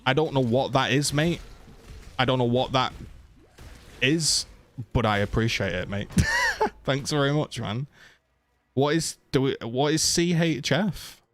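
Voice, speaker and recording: A man's voice: medium pitch, huge pitch swings, unhurried, pauses often, fairly bright tone. A young man chatting casually on a game live stream, swearing freely and thanking viewers for donations.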